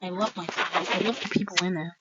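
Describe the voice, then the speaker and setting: Woman voicing a weary, soft-spoken man. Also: fairly low pitch, fairly even intonation, background noise, close to an everyday voice. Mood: sad. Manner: halting, hesitant, trailing off. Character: weary male community organizer, soft-spoken and sad. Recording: dull, dry, lo-fi.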